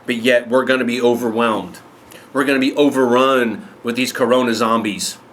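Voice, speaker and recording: Pissed-off guy ranting to camera, swears constantly, mid-pitch voice, bit of hiss behind. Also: fairly even intonation, moderate pace, fairly bright tone. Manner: angry, blunt, heavy swearing. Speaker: vlogger ranting to viewers. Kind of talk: angry profane rant to camera.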